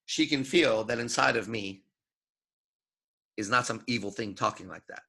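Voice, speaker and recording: A man's voice: on the low side, moderate pace, gravelly, sharp tone. A man giving an unscripted lecture as a dating coach, talking in a swaggering, profane, emphatic way.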